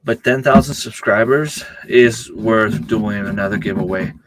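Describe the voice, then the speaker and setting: A man's voice: lowish voice, a little slow, noisy background. A man hosting a casual livestream, rambling along and answering viewers' chat comments with plenty of ums and uhs. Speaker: livestream host.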